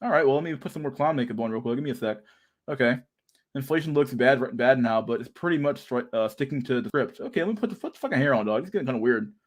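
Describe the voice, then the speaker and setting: A man's voice: mid-range voice, animated, fast. A young man hosting a casual livestream chat, talking in a profane, slangy and sarcastic way, often laughing. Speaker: livestream host.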